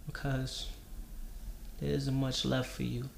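A man's voice: mid-range voice, flat delivery, gravelly, slight background noise. An actor playing a grieving young man who scolds his mother in a drama scene. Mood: cold, bitter. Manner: cold and measured, rising to angry.

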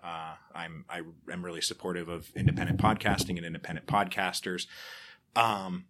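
A man talking in a relaxed interview, telling stories with lively acted-out reactions and frequent laughs. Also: low-pitched, moderate pace, very noisy. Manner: animated storyteller, acts out quoted reactions, laughs often. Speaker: podcaster guest. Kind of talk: casual interview chat.

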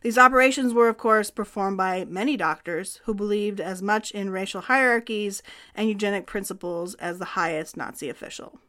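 A woman co-hosts a conversational history podcast in an earnest, explanatory tone. Her voice sits at a middle pitch and she talks through the material in a natural, unhurried way. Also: a bit bright. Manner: earnest, explanatory, reads quotes from laws. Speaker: podcast co-host.

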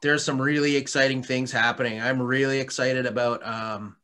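A man talks as a guest in a casual podcast interview, his voice bright and clear at an ordinary pitch. He rambles along with frequent restarts and fillers and laughs often. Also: steady tone, moderate pace. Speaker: interview guest, hot sauce maker.

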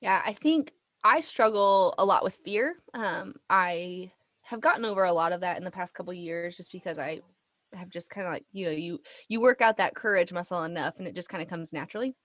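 A woman's voice: lowish voice, a little fast, dry recording. Chatty woman telling a family story. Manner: animated storyteller, acts out quoted voices. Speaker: guest. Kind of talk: casual chat.

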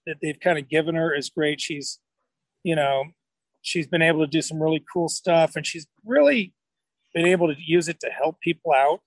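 A man's voice: fairly high pitch, no room sound, low-quality recording. A middle-aged man chatting casually as an interview guest, rambling and restarting his sentences as he tells stories. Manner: rambling, self-correcting storyteller. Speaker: podcast guest.

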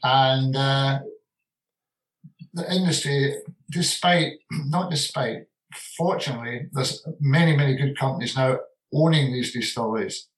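Older whisky man, mid-pitched, loose and heartfelt interview talk. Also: normal speed, poor audio. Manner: warm, rambling, repeats words for emphasis. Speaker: retiring distillery manager and whisky blender. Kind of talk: relaxed interview conversation.

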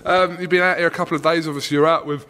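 A man's voice: on the high side, steady tone, very fast, pushed and bright, clear, resonant tone. A man with an Essex accent hosting a casual sports podcast interview, chatty and swearing freely, asking long rambling questions.

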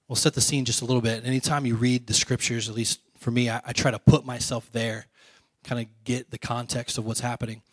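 Male pastor, relaxed chatty sermon, quizzes the room, dry close sound. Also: mid-range voice, fairly quick, husky, no room sound. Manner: conversational, quizzes the congregation, drops to soft quiet lines.

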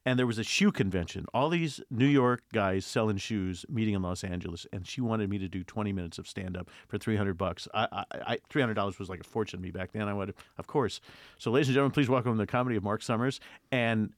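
An older male host chatting in an interview and telling animated stories about his early career. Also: on the low side, fast, dry recording, studio quality. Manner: animated storyteller, mimics voices in anecdotes. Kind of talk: casual interview chat.

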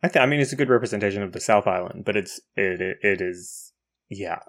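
A man from New Zealand with a New Zealand accent, co-hosting a podcast in blunt, profane casual chat with halting restarts. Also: fairly low pitch, a bit bright. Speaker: podcast co-host.

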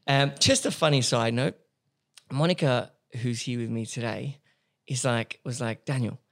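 A man's voice: medium pitch, unhurried, fairly bright tone. An upbeat man hosting a podcast in a chatty, casual way, laughing often. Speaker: podcast host. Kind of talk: casual chat.

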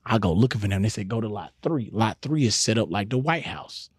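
A young adult man, a comedian guest, telling a slangy, animated story on a podcast. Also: lowish voice, fast, slightly rough, dry recording, clean studio sound. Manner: animated, slangy, acts out scenes.

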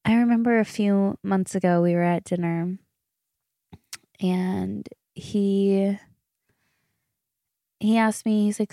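A woman's voice: medium pitch, steady tone, slow pace, long pauses, mellow, no echo, clean studio sound. A woman, hosting a solo podcast in casual chat. She gushes, laughs often and swears freely. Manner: chatty, gushing, laughs often. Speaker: podcast host.

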